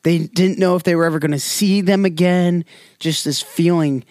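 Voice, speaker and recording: Chatty young man, fairly high voice. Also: steady tone, normal speed, darkish tone, dry recording, clean studio sound. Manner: chatty, hesitant reading with restarts. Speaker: co-host. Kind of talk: casual Bible discussion.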